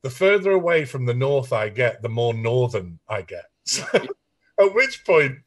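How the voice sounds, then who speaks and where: A middle-aged man from Sheffield with a northern English accent recounts his stories as an interview guest. He talks at a steady middle pitch, bringing the anecdotes to life by putting on the voices of people he quotes. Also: moderate pace. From England. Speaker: songwriter guest. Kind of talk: storytelling interview.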